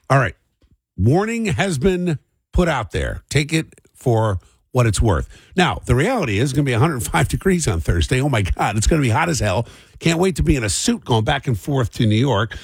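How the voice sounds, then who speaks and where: Animated man hosting radio call-in. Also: medium pitch, creaky, husky, no room sound. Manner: animated, emphatic, joking. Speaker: radio talk show host. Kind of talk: casual radio call-in chat. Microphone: studio microphone.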